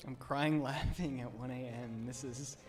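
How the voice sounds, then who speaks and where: Animated young man telling a story. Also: mid-range voice, a little slow, far from the mic. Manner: animated, rambling. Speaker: streamer co-host. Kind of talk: casual storytelling on stream. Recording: stream with faint game music.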